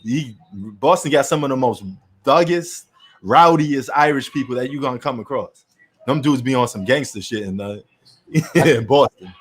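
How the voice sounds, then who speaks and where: A man's voice: medium pitch, normal speed. A man from New York hosting a casual sports chat, ranting bluntly and opinionatedly in slangy talk.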